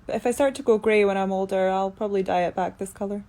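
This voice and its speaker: A woman's voice: fairly even intonation, fast talker, mellow. Sleepy Scottish woman chatting. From Scotland. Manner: low-energy, sleepy, chatty. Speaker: actress answering fan questions. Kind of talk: casual Q&A chat. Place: indoor room during quarantine.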